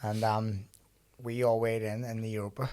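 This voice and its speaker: A man, a podcast guest telling a story in casual chat, animated and acting out quotes, swearing freely. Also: on the low side, moderate pace.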